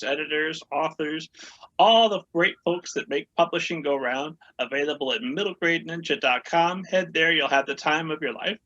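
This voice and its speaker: A man's voice: fairly high pitch, sharp tone, dull audio. A man hosting a podcast interview, joking around and talking up his guest in a playful way. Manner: playful, jokey, hyping the guest. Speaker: podcast host. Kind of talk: casual interview chat.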